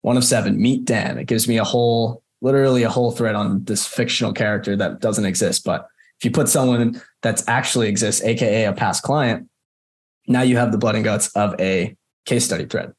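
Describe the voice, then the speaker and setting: A man's voice: lowish voice, steady tone, brisk. A young man coaching a group on a call, casual and chatty, with many fillers and repeated words. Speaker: marketing coach presenting. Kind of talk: casual screen-share walkthrough on a call.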